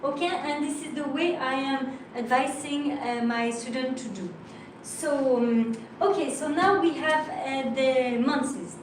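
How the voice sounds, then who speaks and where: French lady teaching a class, high voice, slow and careful, mic far off in a very echoey room. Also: a little hiss or hum. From France. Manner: spells out letters slowly, patient and encouraging. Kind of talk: live language lesson.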